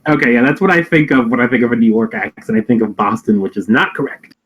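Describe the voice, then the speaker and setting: A man's voice: medium pitch, quick pace, slightly rough, highs cut off. A man co-hosting a casual chat, summarizing at length with a rambling, hesitant manner. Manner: rambling, hesitant, many ums and likes. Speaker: podcast co-host.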